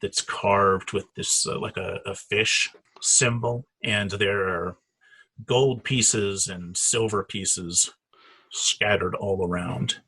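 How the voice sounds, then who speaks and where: A man running a tabletop game as dungeon master, easygoing and halting, laughing often. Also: fairly low pitch, fairly even intonation, pushed and bright, slightly rough.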